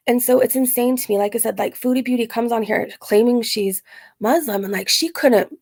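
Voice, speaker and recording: Creaky-voiced woman chatting on a live Q&A. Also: fairly high pitch, darkish tone. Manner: rambling, filler-heavy talk with frequent "like"; reads out and answers chat comments. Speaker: channel host answering viewer questions. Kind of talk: casual live Q&A chat.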